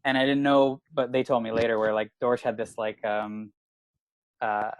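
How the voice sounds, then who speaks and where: This comedian guest, a Canadian man in his thirties, has a mid-range voice and speaks at normal speed. Swearing and saying "like" nonstop, he animatedly relates a rowdy story in casual podcast chat, on a rough recording with no echo.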